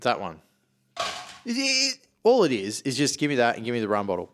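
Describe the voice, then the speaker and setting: A man's voice: medium pitch, huge pitch swings, fairly quick, a little hiss or hum. A man in casual podcast chat, blunt and heavily profane, ranting animatedly about his views. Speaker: podcast co-talker.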